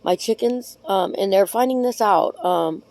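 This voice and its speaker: A woman's voice: mid-range voice, measured pace, vocal fry, darkish tone. A woman vlogging casually to camera, chatty and rambling, affectionate and frank, with casual swearing.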